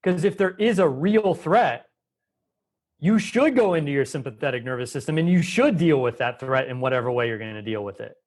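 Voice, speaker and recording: A man's voice: mid-range voice, lively intonation, brisk. A man as a guest in a conversational interview, explaining with emphasis and changing his pace often. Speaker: Ayurvedic doctor, guest.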